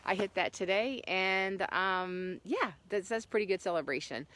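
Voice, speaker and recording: A middle-aged woman hiker chatting to her camera outdoors on a trail, telling a story with lots of fillers and animated swings. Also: medium pitch, normal speed. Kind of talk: casual vlog chat. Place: outdoors on a hiking trail in the morning.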